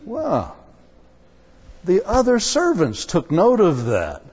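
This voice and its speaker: A man's voice: high voice, slow pace, breathy edge. A man preaching a sermon with humor, telling a story and acting out the voices. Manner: animated, jokey, acts out voices. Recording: dull sound, long hall reverb.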